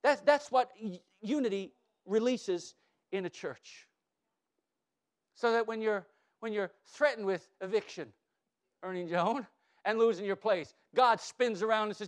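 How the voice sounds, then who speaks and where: A high-voiced male pastor preaching a sermon with emphatic calls to the congregation. He stammers and repeats words as he builds, then sinks into soft, hushed reassurances. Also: a little slow, long pauses.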